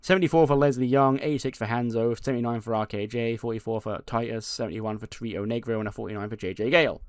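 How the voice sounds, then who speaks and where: A man giving casual let's-play commentary, relaxed as he recaps match results. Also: mid-range voice, quick pace, no echo, clean studio sound. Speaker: game commentator.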